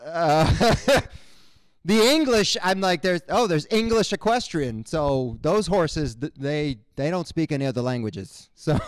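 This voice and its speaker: Man, stand-up comedian, smooth voice, dry close mic, playful, quick put-on voices. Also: on the high side, expressive, no echo.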